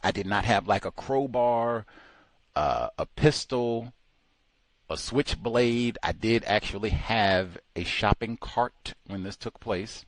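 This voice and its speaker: A man's voice: lowish voice, slow pace. A man calling in to a talk show, telling a story with animation and acting out other people's voices. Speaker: caller.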